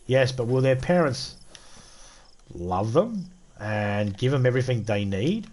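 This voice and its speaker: A man's voice: medium pitch, animated, normal speed, darkish tone. A middle-aged Australian man streaming a game, ranting bluntly and swearing in casual chat. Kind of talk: casual rant while streaming.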